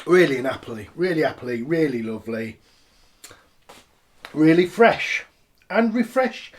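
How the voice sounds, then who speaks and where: A man's voice: a little high, big pitch swings, measured pace. A man casually reviewing beers and cider on camera, chatty and rambling as he tastes each one. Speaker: beer reviewer.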